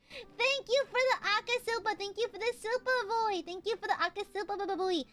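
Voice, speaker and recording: A woman streamer chatting casually with her audience, excitable and profane, often shouting and laughing. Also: extremely high pitch, moderate pace, soft background music. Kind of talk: casual live-stream chat.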